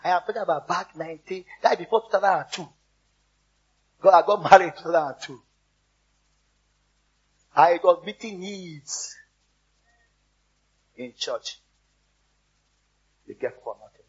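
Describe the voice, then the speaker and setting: A man's voice: high-pitched, normal speed, long pauses, slightly rough, muffled recording. A man preaching a sermon as a pastor, telling stories and repeating words for emphasis. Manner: storytelling, repeats words for emphasis, exhorts the congregation.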